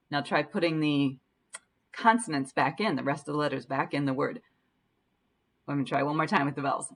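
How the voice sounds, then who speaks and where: A woman teaching Spanish pronunciation in a patient way, slowly repeating each word to demonstrate it. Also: deep voice, fairly bright tone. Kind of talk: language lesson.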